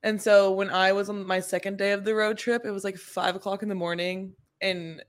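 A young woman in her twenties, a podcast co-host, chatting casually in a relaxed, laid-back way. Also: mid-range voice, brisk. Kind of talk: casual chat.

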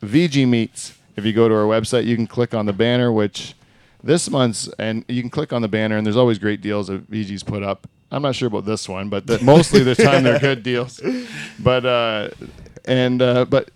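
A man hosts a casual studio podcast, rambling sarcastically through sponsor plugs and listener shout-outs. His voice sits in a middle register and sounds dry and close to the mic, with no room echo. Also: medium pitch, steady tone, normal speed, smooth. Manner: rambling, sarcastic ad reads with filler words. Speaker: podcast host. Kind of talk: casual comedic podcast banter.

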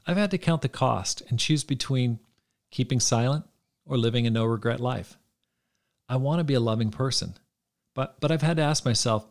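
A man hosting a podcast, reading aloud from his own book in an earnest, measured way. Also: medium pitch. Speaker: podcast host.

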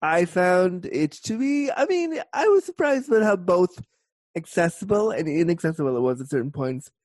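A Canadian woman hosting a podcast, chatting in a lively, rambling way with quick tangents. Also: fairly low pitch, no echo. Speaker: podcast host. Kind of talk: casual interview chat.

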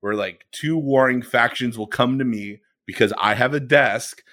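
A man's voice: mid-range voice, fairly bright tone. Rambling man telling a story. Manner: rambling, halting, lots of fillers and restarts. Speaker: podcast co-host. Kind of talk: casual storytelling chat.

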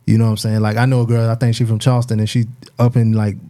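A man's voice: fairly low pitch, rapid-fire. A man co-hosting a podcast, chatting casually. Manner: relaxed, storytelling, lots of "you know what I'm saying". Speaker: podcast co-host. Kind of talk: casual chat.

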